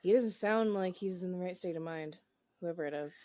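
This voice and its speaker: A woman's voice: lowish voice, fairly quick, a little mellow, no echo, clean studio sound. A woman playing a tabletop game, chatting casually and thinking aloud with many hesitations. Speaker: player.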